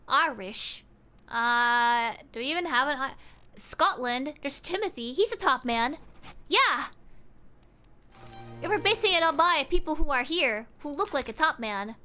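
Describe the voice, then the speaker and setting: A woman's voice: sits high, lively intonation, moderate pace, pushed and bright, soft background music. A woman streaming a game, chatting casually and thinking aloud to her chat.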